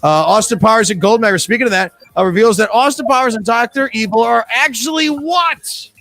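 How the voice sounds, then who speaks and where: A man's voice: extremely high pitch, brisk, creaky, pushed and bright. A man hosting a live trivia game, reading questions and answer choices in a chatty, joking way. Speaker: trivia host.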